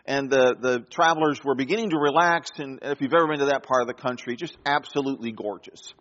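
A man preaching a sermon, telling a story with dramatic pauses and soft drops in his voice. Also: medium pitch, big-room sound, muffled recording. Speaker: pastor.

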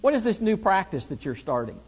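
A man's voice: high-pitched, very animated, a little fast, slightly rough, long reverb tail. A man teaching a Bible lesson, reading scripture aloud and driving points home with rhetorical questions.

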